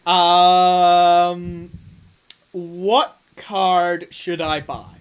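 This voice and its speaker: High-voiced excitable young man gaming. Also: very slow, smooth. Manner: excitable, playfully boastful, thinks aloud. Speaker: gaming streamer. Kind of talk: live game commentary to chat.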